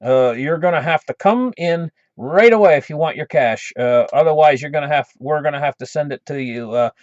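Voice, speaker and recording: A man's voice: fairly high pitch, brisk, a little mellow, dry recording, lightly acted. A man voicing a hesitant silver dealer who stumbles over fillers while making excuses, in a dull lo-fi recording. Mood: apologetic.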